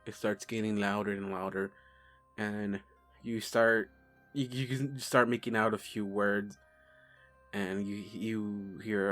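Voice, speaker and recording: A man narrating as game master of a tabletop game, halting and unhurried. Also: on the low side, steady tone, a bit bright, faint music behind.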